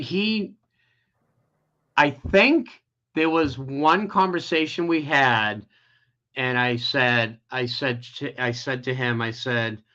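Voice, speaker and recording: A man with a bright, tense voice tells a personal story as an interview guest. He rambles emotionally, restarting his sentences often. The audio sounds dull and lo-fi. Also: a little high.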